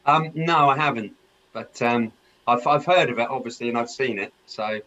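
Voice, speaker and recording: Podcast guy chatting, easygoing and unhurried, middle pitch, crowd chatter behind him. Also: dull audio. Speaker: podcast co-host. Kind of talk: casual chat.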